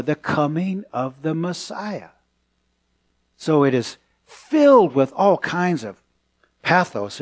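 A middle-aged male pastor preaching a sermon, telling stories in an animated way with quick laughs. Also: on the high side.

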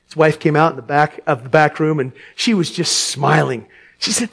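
A man's voice: fairly high pitch, fairly even intonation, moderate pace, gravelly, fairly bright tone, breathy edge. A man preaching, telling a story expressively, laughing and getting choked up at times. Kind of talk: animated storytelling sermon.

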